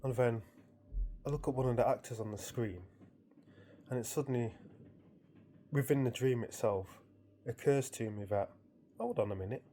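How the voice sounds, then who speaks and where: A man's voice: mid-range voice, normal speed, pauses often, warm tone, slight background noise. A man casually recounting a dream to his viewers, amused and rambling, with frequent restarts. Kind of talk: casual storytelling.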